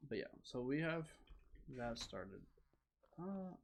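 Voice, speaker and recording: Casual young male streamer at home, gravelly low-key voice, rambling filler-heavy chat, faint hiss behind. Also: big pitch swings, takes it slowly. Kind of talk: casual gaming livestream chat.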